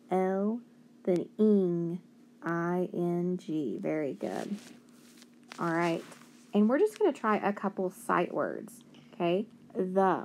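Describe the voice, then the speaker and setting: Woman slowly sounding out phonics. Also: medium pitch, darkish tone. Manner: slow, stretched-out sounding out of word parts; encouraging, asks and answers her own questions. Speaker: teacher. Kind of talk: phonics lesson.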